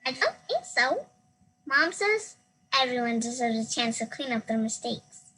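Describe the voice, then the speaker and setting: A woman playing a sweet, hopeful little boy who speaks sincerely and gently, in a stage play. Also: fairly high pitch, very animated, a little slow, breathy edge, heavily acted, low-quality recording.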